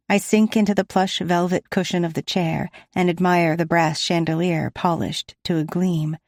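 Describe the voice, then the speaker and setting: A woman reads a romance audiobook in the first person, gentle and descriptive. Her voice sits low, and the recording is dry and close with no room sound. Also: no echo. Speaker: audiobook narrator.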